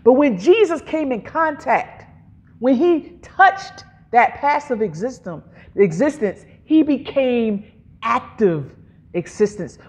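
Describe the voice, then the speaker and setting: With a high voice, this woman preaches emphatically, stretching her phrases out and letting audible gasps punctuate them for effect. She urges the congregation to repeat her words back to her.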